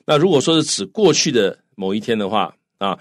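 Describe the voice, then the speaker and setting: A man's voice: lowish voice, sing-song, a little fast, dry recording, studio quality. A man co-hosting a language lesson, explaining in a chatty way with lots of filler particles. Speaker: co-host explaining in Mandarin.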